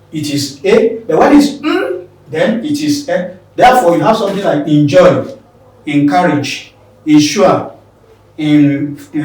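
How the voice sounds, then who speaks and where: Male teacher, high voice, slow repetitive drilling, far from mic in a very echoey room. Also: darkish tone. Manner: slow, repeating words for drill. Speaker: English teacher. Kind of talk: classroom pronunciation lesson.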